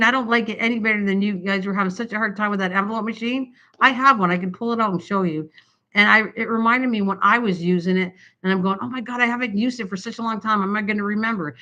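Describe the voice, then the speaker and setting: A woman's voice: on the high side, pushed and bright, highs cut off. An older woman hosting a craft livestream, chatting in a rambling way to her viewers and laughing often. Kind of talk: rambling casual livestream chat. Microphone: built-in camera mic.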